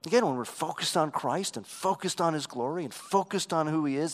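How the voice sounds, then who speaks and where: A pastor preaching a sermon, swinging between emphatic passages and hushed, quiet ones. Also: male voice, on the high side, brisk, few pauses.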